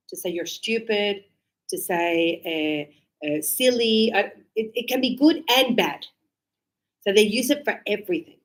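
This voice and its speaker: A woman English teacher explaining casually to her class and acting out little quoted exchanges. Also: mid-range voice. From Australia. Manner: animated, acts out short quoted exchanges.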